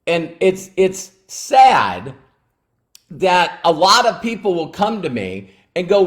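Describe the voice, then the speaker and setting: A man's voice: high voice, animated, unhurried. A man giving a motivational talk as a business mentor, emphatic, acting out the people he quotes.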